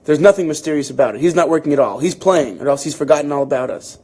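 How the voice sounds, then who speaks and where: A man's voice: fairly high pitch, fast talker, darkish tone, natural voice. A man reading as a scornful, defiant young airman.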